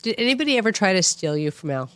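A woman's voice: mid-range voice, sing-song, racing, a bit bright, no room sound, clean studio sound. A woman co-hosting a podcast, asking eager, playful questions in casual chat. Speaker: podcast co-host.

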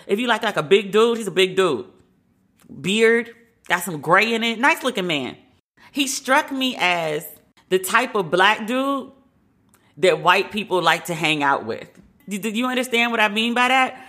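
A woman's voice: mid-range voice, animated, normal speed, bright, forceful tone. A woman hosting a podcast, giving her frank opinions in a casual, conversational way. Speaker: podcast host.

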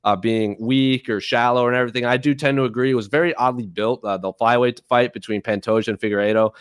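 A man co-hosting a casual podcast, chatty and quick to laugh. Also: mid-range voice, steady tone, clear, resonant tone, no echo, studio quality. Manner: chatty, laughs easily, some restarts. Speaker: podcast co-host. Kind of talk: casual podcast chat about MMA.

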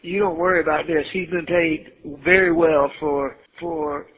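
A man's voice: on the high side, steady tone, unhurried, breathy edge. A middle-aged man on a recorded jail phone call, coaching and insisting, repeating his points. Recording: tinny jail phone line.

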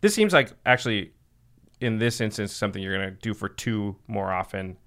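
A man's voice: on the low side, lively intonation, brisk, fairly bright tone. A man hosting a podcast, chatting casually and explaining card game rules step by step. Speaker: podcast host.

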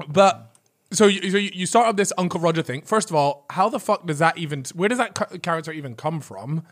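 A podcast host with a fairly high voice for a man, talking in loose, sweary banter. He laughs loudly and teases his guest between his questions. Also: expressive, brisk. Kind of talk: casual podcast chat.

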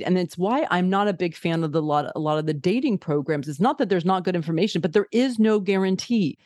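A woman therapist chatting casually on a podcast, animated, acting out inner voices as she explains. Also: lowish voice, a little fast, few pauses, dry recording. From California. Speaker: therapist guest.

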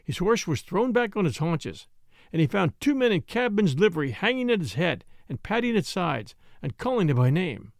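Man reading a classic story aloud, expressive and high-pitched, dead-dry close recording. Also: normal speed, creaky, no echo. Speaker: audiobook narrator. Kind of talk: scripted narration.

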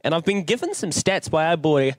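A man's voice: on the high side, expressive, brisk, no room sound. A man with a New Zealand accent hosting a podcast in upbeat, casual chat. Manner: upbeat, chatty, hedging with fillers. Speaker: podcast host. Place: on site at a bloodstock sales venue.

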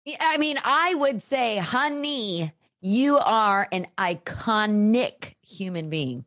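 A woman's voice: medium pitch, lively intonation, a bit bright, no room sound, clean studio sound. A woman playing Psyche as a giggly, gossipy figure in an improv comedy podcast. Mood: gushing. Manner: giggly, gossipy, slow drawl.

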